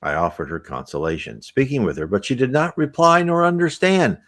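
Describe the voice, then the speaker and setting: A man's voice: medium pitch, lively intonation, a little fast, fairly bright tone, pitched above the performer's own voice. Bewildered spirit of a dead man, read by a man. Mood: insistent. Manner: bewildered, pleading.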